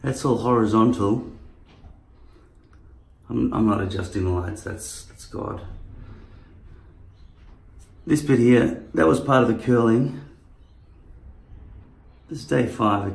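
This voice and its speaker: Gravelly low-voiced man rambling in an echoey room. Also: slow, long pauses, a little mellow. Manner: rambling and profane. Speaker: vlogger. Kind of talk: casual chat.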